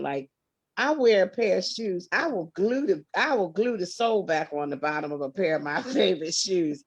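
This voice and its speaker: A woman, a guest singer, telling stories in an interview, expressive and emphatic, laughing often. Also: mid-range voice, breathy edge, dull audio. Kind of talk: animated interview storytelling.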